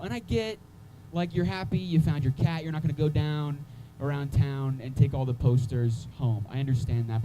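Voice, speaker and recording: Comic, male, mellow tone and slightly high voice, sardonic crude club rants. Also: poor audio. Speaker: stand-up comedian. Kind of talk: stand-up set. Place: comedy club stage.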